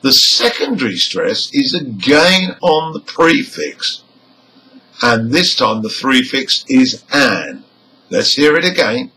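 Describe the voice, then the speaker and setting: Male teacher, slow and deliberate, lively intonation, crisp over-enunciated examples. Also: medium pitch, poor audio. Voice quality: careful, over-enunciated delivery of example words. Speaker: English pronunciation teacher. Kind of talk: slow, deliberate lesson explanation.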